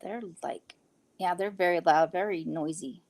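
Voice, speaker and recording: A woman's voice: fairly low pitch, steady tone, unhurried, darkish tone. A blunt, chatty woman from California, speaking with a slight Southern-sounding lilt. She talks casually and swears freely in easy conversation. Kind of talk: casual chat.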